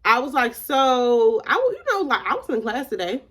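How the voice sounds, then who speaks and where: A woman's voice: high voice, very animated, moderate pace, a bit bright, slightly rough. Candid woman telling a storytime. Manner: emphatic, repeats "like" often; candid, retells dialogue with shifting emphasis. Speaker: storytime vlogger. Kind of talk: casual storytime.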